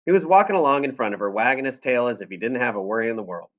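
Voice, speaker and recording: A man's voice: medium pitch, racing, muffled recording. A man reading a first-person novel aloud to a class in a classroom, telling the story expressively. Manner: expressive storytelling with lively voices.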